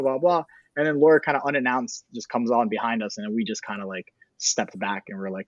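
A man's voice: medium pitch, fast talker, a bit bright, dry recording, muffled recording. A man telling a behind-the-scenes filmmaking story in a casual interview, rambling with lots of fillers and restarts. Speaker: documentary filmmaker guest.

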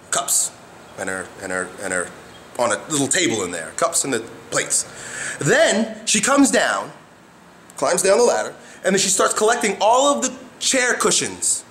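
A man giving a motivational talk to camera as an animated storyteller who acts out faces and sounds. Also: on the high side. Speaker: motivational vlogger.

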